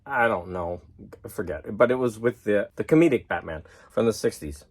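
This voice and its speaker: A man chatting casually in a vlog, excited and laughing at himself as he geeks out over comics. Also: fairly low pitch, brisk, slightly rough. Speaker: vlogger. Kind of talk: casual chat.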